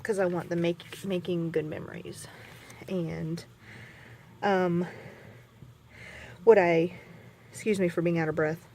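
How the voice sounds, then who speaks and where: A woman's voice: on the low side, steady tone, slow, long pauses, warm tone. Woman rambling thru a craft vlog, um-ing a lot, laughs at herself, faint hiss in the back. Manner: rambling, chatty, self-mocking, many fillers. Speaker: scrapbooking vlogger. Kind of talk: casual crafting chat.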